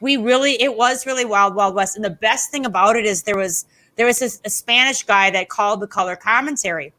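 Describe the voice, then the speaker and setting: A woman in her forties, a guest on a chat show, telling stories in a casual, animated way and acting out the people she quotes. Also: medium pitch, a little fast. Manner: animated, acts out quotes with shifting voices. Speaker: podcast guest, former wrestling interviewer.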